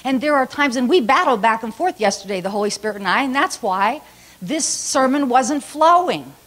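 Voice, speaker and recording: A woman pastor preaching a sermon, telling a personal story in a chatty, animated way and acting out the other people's lines. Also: fairly high pitch, normal speed. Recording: live church recording with steady background noise.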